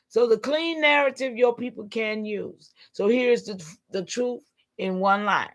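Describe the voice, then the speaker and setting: Fiery woman rallying her viewers. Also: mid-range voice. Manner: emphatic, repeatedly rallying listeners with "come on, y'all". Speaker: livestream host. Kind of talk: preachy call-and-response talk to viewers.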